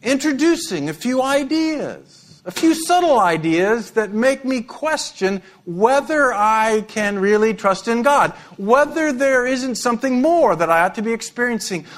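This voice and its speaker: Animated high-voiced male pastor. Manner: animated, repeats words, humorous asides. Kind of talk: sermon.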